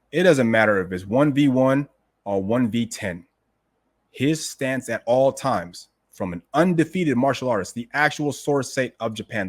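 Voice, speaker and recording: A man's voice: mid-range voice, husky. A man hosting a show who reads passages from a classic text aloud and then explains them in a casual, emphatic way, often asking "right?" and talking to the listeners as "guys". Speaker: host explaining a martial arts classic.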